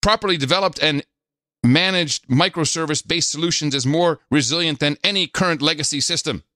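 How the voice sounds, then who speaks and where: A man hosting a podcast, reading out listener donations and notes in a casual, halting way with many filler pauses. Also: on the high side, bright, forceful tone, dry recording, clean studio sound. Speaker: podcast host.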